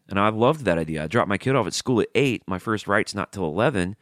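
A man's voice: on the low side, rapid-fire, few pauses, dry recording, clean studio sound. A middle-aged man from the American South with a Southern accent, telling stories in a casual, profane, rambling monologue as a podcast host. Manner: rambling, profane, animated storytelling.

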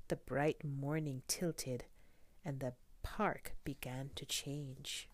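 Soft-spoken woman reading a kids' book. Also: low voice, no room sound. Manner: soft, often whispered, questions to the child listener. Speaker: storybook reader. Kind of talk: children's picture book read-aloud.

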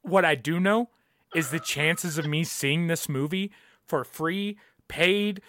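Profane, high-voiced young man ranting. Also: slow pace, a bit bright. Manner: profane, emphatic, repeats himself. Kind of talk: casual ranting commentary.

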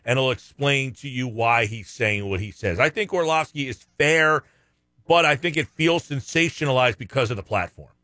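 A man co-hosts a sports talk radio show with a bright voice that moves up and down a lot. He states firm opinions and reads out texts from listeners. The sound is close and dry. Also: mid-range voice, expressive, moderate pace, no echo.

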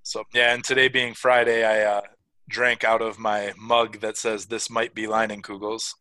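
A man chatting on a podcast call, making dry, low-key remarks. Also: little pitch movement, normal speed, bright, forceful tone, dry recording. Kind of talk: casual chat.

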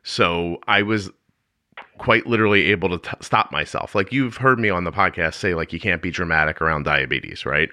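A man's voice: sits low, normal speed, sharp tone, dry recording, studio quality. A man hosting a podcast interview, asking earnest, searching questions in a conversational way with frequent restarts. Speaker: podcast host.

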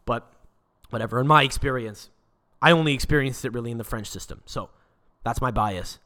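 Young podcast host, mid-pitched, loose profane rant with lots of restarts. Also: male voice, brisk, pushed and bright. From Quebec, Canada. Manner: swears constantly, rambling restarts.

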